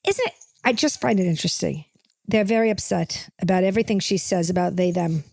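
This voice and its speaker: A woman's voice: on the low side, a little fast, gravelly, darkish tone, no echo, studio quality. A woman hosting a comedic podcast, rambling and gossipy, tacking "okay?" onto her points. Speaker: podcast host.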